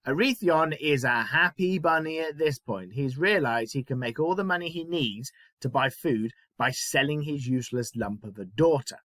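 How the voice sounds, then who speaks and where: A man's voice: fairly high pitch, expressive, normal speed, hardly any pauses, fairly bright tone, dry recording. A man teaching a writing lesson, chatty and self-mocking, explaining step by step. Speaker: primary school teacher.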